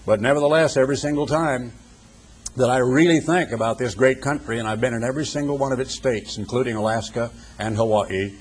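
An older man giving a radio sermon, husky-voiced, building emphatic rhetorical questions. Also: medium pitch, fairly quick, a little hiss or hum. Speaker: preacher, radio broadcaster.

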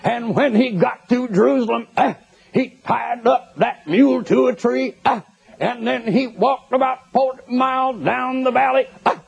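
A man's voice: very high voice, unhurried, gravelly, husky, voice pushed up, exaggerated voice. A man imitating a droning male radio preacher who quavers and tacks a drawled "eh" onto every phrase. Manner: sing-song, drawling "eh" after each phrase. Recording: dull lo-fi recording.

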